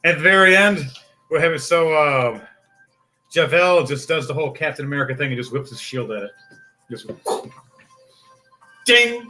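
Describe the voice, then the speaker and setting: A man narrating as game master of a tabletop game, excitable, swearing and laughing often. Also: a little high, brisk, soft background music.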